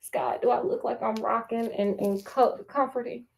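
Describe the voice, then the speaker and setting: A woman's voice: a little high, moderate pace, gravelly, a little hiss or hum. A woman reading a book aloud and breaking off into sassy, joking commentary. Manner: sassy, animated, laughing asides. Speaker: storyteller.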